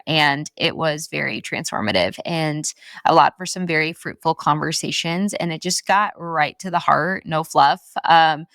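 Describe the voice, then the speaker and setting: Young woman host, deep gravelly voice. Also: a bit bright, no echo, clean studio sound. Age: 20s. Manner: chatty, filler-heavy with frequent "like". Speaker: podcast host. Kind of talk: casual interview chat.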